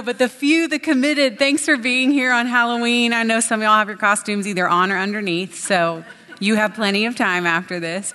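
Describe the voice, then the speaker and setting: Animated woman teaching in a hall. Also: a little high. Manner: animated storytelling, chatty and self-deprecating. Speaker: women's Bible study teacher. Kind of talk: sermon. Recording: long hall reverb.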